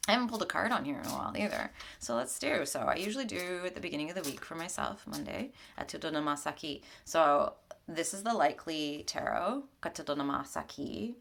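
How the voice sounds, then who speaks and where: Woman spiritual mentor, low gravelly voice, gentle chatty tarot reader who laughs easily. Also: animated, brisk. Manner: gentle, conversational, laughs often. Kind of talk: weekly tarot reading and reflection. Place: home altar.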